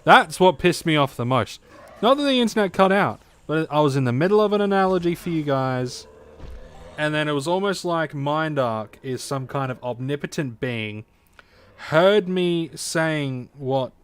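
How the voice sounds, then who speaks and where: A man's voice: a little high, lively intonation, moderate pace, clean tone. A man streaming a game, chatting casually to viewers, rambling with plenty of fillers and swearing freely. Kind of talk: casual livestream chat. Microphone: desk mic at home streaming setup.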